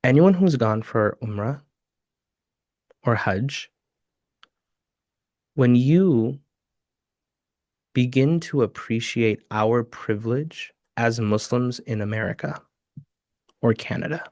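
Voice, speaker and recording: A man's voice: medium pitch, takes it slowly, long pauses, darkish tone, lo-fi sound. A man with a mid-range voice co-hosts a live webinar. He tells stories earnestly and builds his points into emphatic lists. The sound is dry and close, with no room echo. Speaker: webinar co-host.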